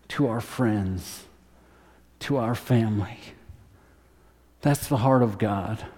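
A man preaching a sermon as a pastor, telling a story earnestly and dropping to a softer, slower voice for emphasis. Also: mid-range voice, long reverb tail.

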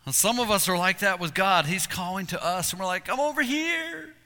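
Male preacher, bright and slightly high voice, animated storyteller, hall reverb. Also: fairly quick, soft background music. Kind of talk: sermon with hunting stories.

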